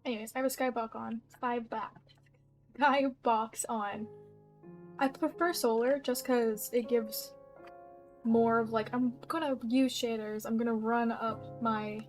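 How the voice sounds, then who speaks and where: Young woman streamer, slightly high voice, rambling and bubbly, soft game music underneath. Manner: chatty and bubbly, giggles and trails off. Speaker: gaming YouTuber. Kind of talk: casual gameplay commentary. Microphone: desk mic with audible keyboard.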